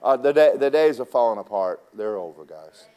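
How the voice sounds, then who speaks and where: A male preacher, delivering a sermon at an ordinary, middle pitch. He talks in a folksy, teasing way, telling stories from his own working life. He keeps turning to the congregation and speaking straight to them. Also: animated, moderate pace, mellow.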